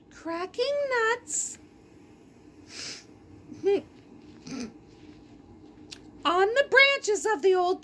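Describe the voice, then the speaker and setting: A woman's voice: extremely high pitch, fairly bright tone, slight background noise. A woman hosting a casual storybook read-aloud, breaking off into chatty, silly asides and giggles. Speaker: storyteller host.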